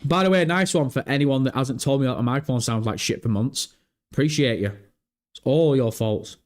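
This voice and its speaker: A young man hosting a casual gaming livestream, excitable and swearing freely, through a bass-heavy desk microphone. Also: brisk. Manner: excitable, swears freely, pitch leaps when surprised. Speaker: livestream host.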